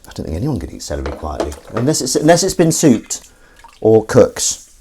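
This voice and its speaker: Rambling live-stream host washing up, low voice with lively swings and soft kitchen clatter. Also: male voice, a little fast, slight background noise. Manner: rambling, chatty, reads comments aloud. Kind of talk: casual chat while washing up. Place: kitchen at the sink. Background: clattering dishes and cutlery.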